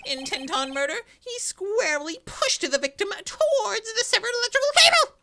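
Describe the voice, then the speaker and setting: Guy putting on a super high smug prosecutor, gloating, voice bouncing all over, game music behind. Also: animated, normal speed, noisy background. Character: smug scheming male courtroom prosecutor.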